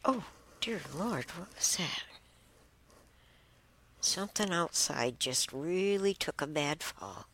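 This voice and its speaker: A woman's voice: on the low side, animated, slow, long pauses, a bit bright. A woman hosting a casual solo talk show, rambling and exclaiming with chuckling asides. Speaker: host.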